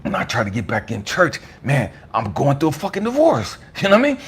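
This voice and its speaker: A man tells his life story in a raw, emotional testimony. His voice climbs and falls dramatically, dipping into hushed whispers before rising to angry outbursts. A faint hiss sits beneath the recording. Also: medium pitch, huge pitch swings, moderate pace. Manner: raw and emotional, swings from hushed to shouting, swears. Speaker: speaker sharing his testimony. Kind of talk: impassioned personal testimony.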